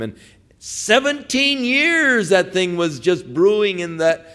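Guy preaching a sermon, tells the story casual but punchy, higher-pitched voice. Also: animated, slow, sharp tone. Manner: storytelling, conversational and emphatic.

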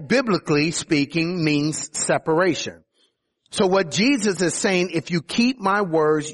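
A man preaching a sermon, teaching from scripture verse by verse and stressing key words. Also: a little high. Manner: emphatic, rises on quoted words.

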